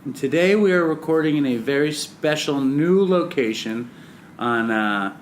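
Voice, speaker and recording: Man, podcast co-host, teasing, from new york, faint background hiss. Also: fairly high pitch. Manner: teasing, bursts into quick excited asides. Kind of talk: casual podcast banter. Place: apartment room.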